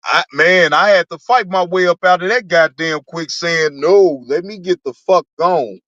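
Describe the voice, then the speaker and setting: A man's voice: a little high, normal speed, fairly bright tone, dry recording. A man hosting a livestream, answering his chat in laid-back, rambling, profane casual talk. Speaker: livestream host. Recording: dull lo-fi sound.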